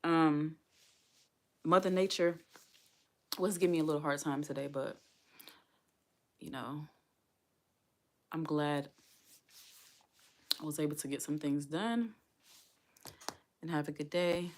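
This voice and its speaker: A woman's voice: sits low, takes it slowly, long pauses. A woman vlogging as a single mom, talking earnestly and heartfelt to her viewers and repeating herself for emphasis. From United States. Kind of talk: casual livestream talk to viewers.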